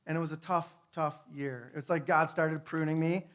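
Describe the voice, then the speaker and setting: Earnest man preaching, fairly high voice. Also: fairly even intonation, moderate pace. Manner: earnest, swings between hushed and fervent; tag questions, fillers. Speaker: speaker. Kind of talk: conversational testimony sermon.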